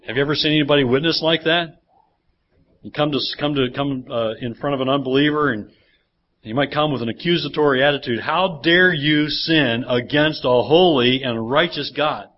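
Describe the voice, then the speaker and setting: Heard on a dull, lo-fi church recording, a pastor with a slightly high and a bit rough voice delivers his sermon. He keeps putting rhetorical questions to his congregation.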